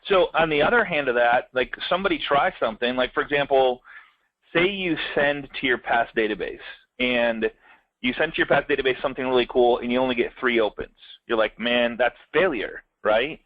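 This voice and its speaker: Animated man acting out quotes. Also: medium pitch, fairly quick, no echo, phone-quality sound. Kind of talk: casual business chat.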